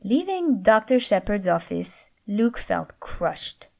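A woman narrating a story aloud in an even, measured reading style. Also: mid-range voice, vocal fry. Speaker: audiobook narrator.

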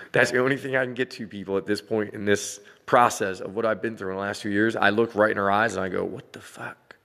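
A man's voice: fairly low pitch, steady tone, quick pace, vocal fry, pushed and bright, big-room sound. A man in his forties ranting casually to his viewers, blunt and full of swearing, laughing now and then. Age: 40s. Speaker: vlogger dad. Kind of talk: casual rant to camera.

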